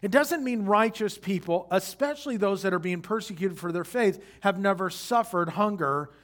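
A man preaching a sermon who speaks straight to his congregation with questions and rises from quiet reflection to loud emphasis. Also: sits high, moderate pace. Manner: addresses the congregation directly with questions. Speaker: pastor.

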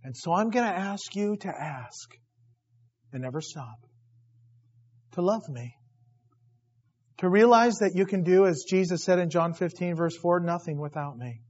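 High-voiced animated male preacher. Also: measured pace, pauses often. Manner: animated storytelling, acts out voices. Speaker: pastor. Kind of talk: sermon. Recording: dull lo-fi recording.

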